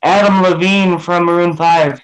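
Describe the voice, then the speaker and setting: Guy with a high voice rambling in a casual group chat, lots of ums. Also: fairly even intonation, unhurried, rough recording.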